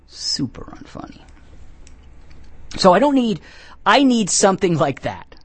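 A sarcastic man riffing loosely on a comedy podcast, his voice sitting a touch higher than most men's. The recording is dry and close, with no room sound around him. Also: very animated, a little slow, dry recording. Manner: rambling, sarcastic, jokey asides. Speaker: podcast host. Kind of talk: comedic casual talk.

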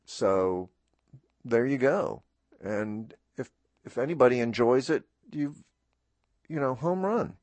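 A man's voice: mid-range voice, lively intonation, takes it slowly, long pauses, darkish tone, no echo. A man hosting a radio show, talking in a rambling, heartfelt farewell monologue at a studio microphone. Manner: rambling, heartfelt, self-interrupting. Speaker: radio host.

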